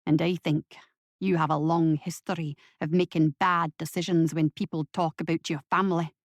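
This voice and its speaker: A blunt, wary Scottish partner with a sardonic edge, as a woman reader plays him. She drops her voice lower for him. The sound is dry and close. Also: flat delivery, moderate pace, dry recording, lightly acted. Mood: accusing.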